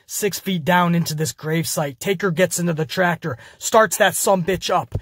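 A man's voice: sits high, moderate pace, no room sound, studio quality. A man hosting a podcast, energetically retelling a wrestling show in casual, profane language. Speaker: podcast host.

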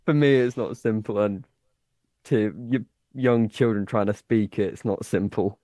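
A young adult man, a podcast guest, telling a quick story in friendly casual chat. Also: lowish voice, mellow, no room sound.

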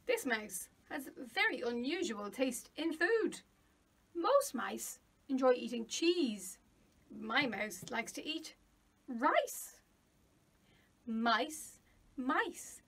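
A woman teaching music to small children, speaking and singing in a high, bright voice. She takes everything very slowly and clearly, with a playful tone that can sink to a hush or swell to a loud chant. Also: lively intonation, recorded from a distance. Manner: slow, clear and playful, drops to whispers and rises to loud singing. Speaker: early years music teacher.

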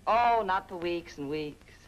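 An actress in a 1940s film playing a brisk, sly secretary who talks in a dry, coy manner. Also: female voice, lowish voice, animated, highs cut off.

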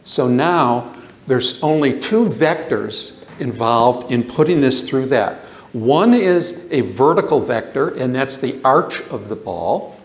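An older man giving a lecture, animated, asking the audience questions and repeating himself for emphasis. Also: medium pitch, slow pace, roomy sound. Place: lecture hall.

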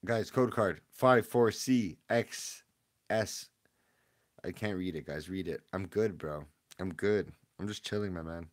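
In an unhurried home livestream, a young host chats casually and slangily with viewers while opening card packs. His voice leans a bit low, and he mostly mumbles quietly before occasionally bursting into a loud yell.

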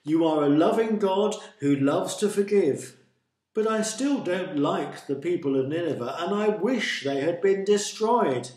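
A man's voice: fairly high pitch, slow pace, a little mellow, roomy sound. A man voicing Jonah, a sulky male prophet who groans and complains as he speaks.

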